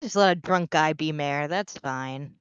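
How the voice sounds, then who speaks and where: A woman's voice: sits low, measured pace, clean tone, dry recording. Sarcastic exasperated young woman, dull dry sound. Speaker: podcast co-host. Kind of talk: casual chat.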